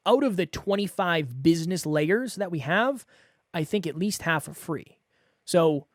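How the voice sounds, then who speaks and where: A man's voice: a little high, dry recording, clean studio sound. A man hosting a solo podcast, talking straight to the listener in an earnest, coaching way.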